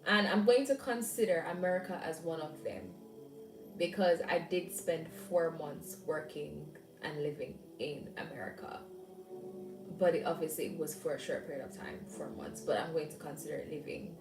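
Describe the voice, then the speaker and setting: Young jamaican woman vlogging, chatty and rambly, low-ish voice, far from the mic, music playing behind. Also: moderate pace, reverberant. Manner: chatty, laughs often, rambling asides. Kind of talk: casual chat.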